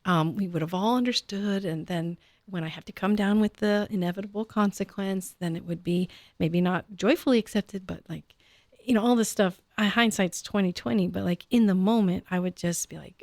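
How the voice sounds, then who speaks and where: Reflective, gravelly woman in her fifties. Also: mid-range voice, moderate pace, a little mellow, no room sound, clean studio sound. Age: 50s. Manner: reflective and self-deprecating, hesitant restarts, laughs often. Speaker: co-host or guest. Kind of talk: conversational radio talk show.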